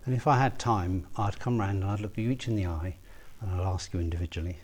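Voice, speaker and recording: A man preaching a sermon, earnest and personal, rising to emphatic peaks and dropping to soft, quiet asks. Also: low-pitched, quick pace.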